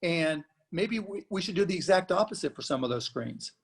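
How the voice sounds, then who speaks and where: A man speaking as a guest on a panel discussion, talking in an animated way and acting out rowdy moviegoers. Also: high voice, fairly quick, slightly rough. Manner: animated, acts out shouting moviegoers.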